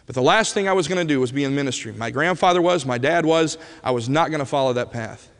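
A man preaching a sermon as an animated storyteller who swings from loud bursts to hushed moments, in a church sanctuary. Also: a little high, fast, long reverb tail.

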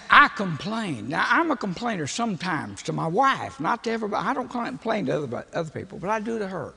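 Older preacher, folksy and gravelly. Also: male voice, sits high, big pitch swings, brisk, sharp tone. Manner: folksy, humorous, self-deprecating storyteller. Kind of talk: storytelling sermon. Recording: long hall reverb.

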